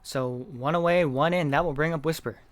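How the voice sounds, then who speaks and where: A man doing live play-by-play commentary of a game, reading chat messages between pitches, his voice not feeling well. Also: fairly quick. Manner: reads chat messages between calls, gets loud on big hits.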